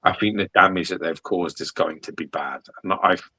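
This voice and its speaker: A man's voice: low voice, normal speed, pushed and bright, breathy edge, no echo, low-quality recording. A man hosting a casual collectibles podcast, talking animatedly, swearing freely and acting out quoted lines. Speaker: host. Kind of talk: casual chat.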